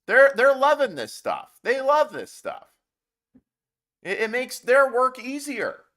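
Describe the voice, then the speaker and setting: A man with a notably high-pitched voice hosts a political commentary show. He rants heatedly, with sarcasm and mocking asides. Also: wildly swooping pitch, takes it slowly, fairly bright tone.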